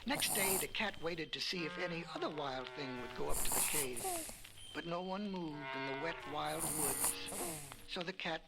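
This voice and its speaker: A man narrating a children's story on an old record, in slow, lilting, drawn-out phrases. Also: a little high. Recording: crackly vinyl record under loud music.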